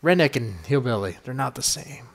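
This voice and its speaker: A man's voice: medium pitch, animated, normal speed. A man hosting a podcast in loose, rambling chat, swearing freely and stacking fillers. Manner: rambling, profane, many fillers. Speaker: podcast host.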